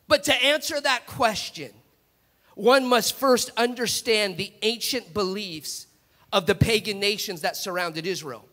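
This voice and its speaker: A male preacher telling a story in an animated, repetitive way during a sermon in a large church sanctuary. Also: sits high, a little slow. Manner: animated storytelling, repeated restarts. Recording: long church hall reverb.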